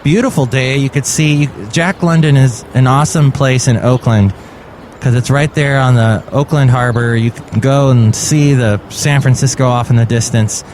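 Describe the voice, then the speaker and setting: A man's voice: mid-range voice, fairly even intonation, moderate pace, a little mellow, a little hiss or hum. A man hosting a comedy podcast, rambling through sarcastic, goofy asides. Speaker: podcast host.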